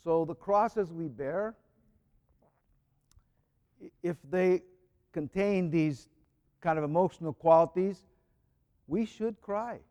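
Male priest, high voice, slow and reflective homily, reverberant church hall. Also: warm tone, muffled recording. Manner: slow, reflective, reads prayers aloud with rising emphasis. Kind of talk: homily with scripture reading.

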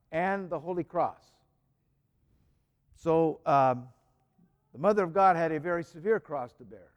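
A man's voice: high voice, long reverb tail. A man preaching a reflective homily and reading church prayers aloud with rising emphasis. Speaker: priest.

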